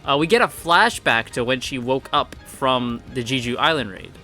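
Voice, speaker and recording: Man, bright tense voice, rambling casual recap, faint music underneath. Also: medium pitch, expressive, normal speed. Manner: chatty and rambling, full of "like" and "you know". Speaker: manhwa reviewer.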